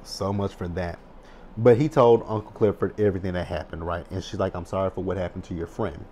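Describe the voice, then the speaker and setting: A man in his thirties casually recapping a TV episode, animated and excitable, swearing freely. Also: deep voice, fairly quick, a little hiss or hum. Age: 30s. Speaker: TV recap vlogger.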